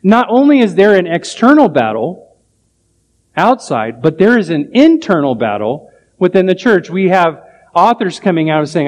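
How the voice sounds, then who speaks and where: A man's voice: high voice, big pitch swings, moderate pace, darkish tone. A male pastor preaching a sermon, pressing his point with emphatic rhetorical questions.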